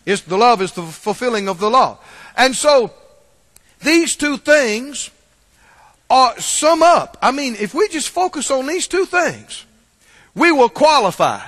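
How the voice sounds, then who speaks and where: A man's voice: very high-pitched, sing-song, a little slow, fairly bright tone. A man preaching a sermon to a church congregation, emphatic and repetitive, drawing call-and-response from the room. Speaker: pastor. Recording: long hall reverb.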